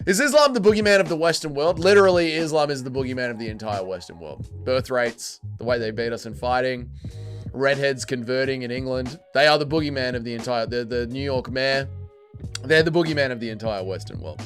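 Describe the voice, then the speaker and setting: A man's voice: medium pitch, a little fast, soft background music. A man hosting a livestream, reading chat aloud and joking crudely. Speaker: livestream host.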